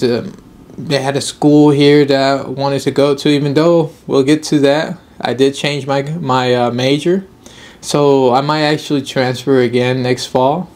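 A man's voice: medium pitch, darkish tone. Upbeat young man hosting a podcast. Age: young adult. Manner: rambling, upbeat, laughs easily. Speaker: podcast host. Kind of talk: casual solo video podcast.

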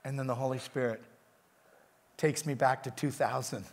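A man's voice: mid-range voice, steady tone, moderate pace. A man preaching a sermon as a guest pastor in a church, telling stories with animation and coaxing the congregation to lean in. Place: church sanctuary. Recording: long hall reverb.

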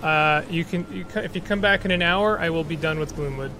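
A man's voice: fairly high pitch, fairly quick, pushed and bright, a little hiss or hum. A man streaming a video game, chatting casually and rambling with restarts as he plays. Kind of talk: casual gameplay commentary.

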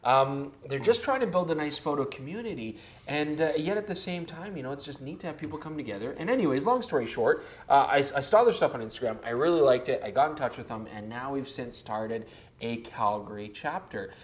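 A man's voice: medium pitch, brisk. A man, co-hosting a casual, joking chat about camera gear. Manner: animated, jokey, laughs often. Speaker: co-host of camera gear show.

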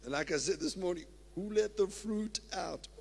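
A man preaching a sermon from a church pulpit, his voice sitting a little high for a man. He breaks from steady teaching into whoops and laughter. The sound carries with the long reverb of a large hall. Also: moderate pace, vocal fry, slight background noise. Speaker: pastor. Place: church sanctuary.

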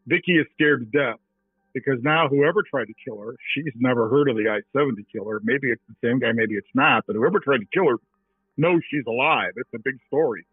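A man's voice: medium pitch, a little fast, slightly rough, dry recording. A middle-aged reporter telling a story in an interview, acting out his phone calls as he goes. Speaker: TV reporter and author, interview guest. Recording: tinny phone-line sound.

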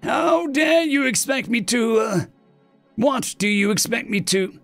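A man voicing a panicking male alien general with mandibles, high-strung and melodramatic. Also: sing-song, normal speed, gravelly, a bit bright, dry recording, soft background music, full character voice. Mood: indignant.

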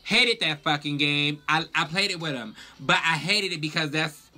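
A young man telling a storytime vlog in a sassy, profane, animated way. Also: fairly high pitch, moderate pace. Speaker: vlogger.

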